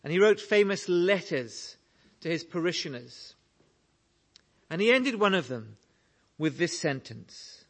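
Slow, earnest male preacher. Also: a little high, big pitch swings, fairly bright tone. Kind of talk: sermon.

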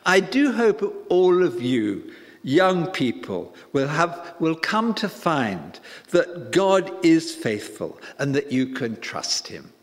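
A man's voice: a little high, big pitch swings, takes it slowly. A man voicing a very old, devout army general who speaks in a clipped, formal military manner, in a hall with long reverb. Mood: solemn testimony.

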